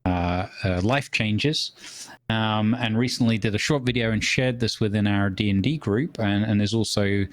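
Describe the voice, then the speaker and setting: A man's voice: lowish voice, normal speed. A man co-hosting a podcast, chatting casually in a hesitant way with many ums and restarts. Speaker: podcast co-host.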